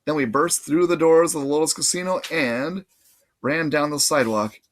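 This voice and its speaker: A man reading a novel aloud in casual, lively first-person narration. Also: on the high side, normal speed. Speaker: audiobook reader.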